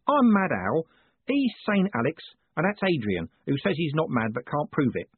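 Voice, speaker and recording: A cheeky, evasive rooftop rogue, put on by a male narrator in a storybook, breezy and raised in pitch over a very husky voice. The audio is thin and phone-like. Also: huge pitch swings, moderate pace, no room sound, heavily acted. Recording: tinny, phone-like, dry.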